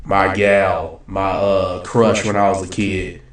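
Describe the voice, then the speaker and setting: A man's voice: low voice, little pitch movement, takes it slowly. A young man talking casually and predicting wrestling results, in a loose, slangy, rambling way. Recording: roomy echo, voice a bit far from the mic.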